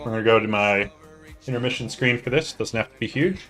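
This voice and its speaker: A man hosting a live stream, chatting casually and excitably with his viewers, joking and swearing as he goes. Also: mid-range voice, fast, faint music behind. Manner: excitable, jokey, talks to chat, swears. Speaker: streamer hosting a hockey league draft.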